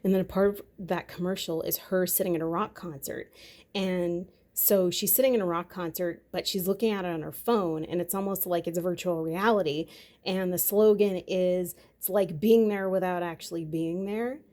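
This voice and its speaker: A woman's voice: lowish voice, steady tone, moderate pace, dark tone. A middle-aged woman talking on her own channel in a rambling, conversational monologue full of fillers. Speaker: vlogger. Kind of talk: casual monologue.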